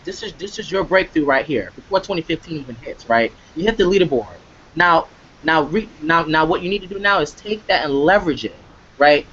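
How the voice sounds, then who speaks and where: Man, live webcast host, emphatic and repetitive, slightly high voice, dull lo-fi sound. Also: expressive, a little fast, a bit bright, slight background noise. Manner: emphatic, repetitive, tag questions. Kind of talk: live motivational webcast talk.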